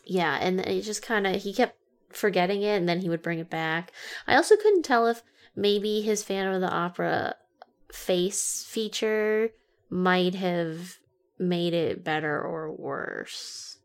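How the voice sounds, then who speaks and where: A woman's voice: fairly low pitch, a little slow. A woman co-hosting a casual movie review chat, making dry, wry jokes. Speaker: podcast co-host.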